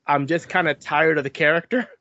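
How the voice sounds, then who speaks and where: A man's voice: fairly high pitch, fairly even intonation, brisk, sharp tone, no room sound, muffled recording. A man co-hosting a podcast in casual chat, candid and laughing often. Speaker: podcast co-host.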